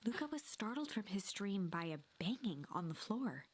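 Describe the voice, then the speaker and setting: A woman narrating a game like a storybook, in a hushed, breathy, whispery voice. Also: medium pitch, very animated, moderate pace. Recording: game audio with faint music.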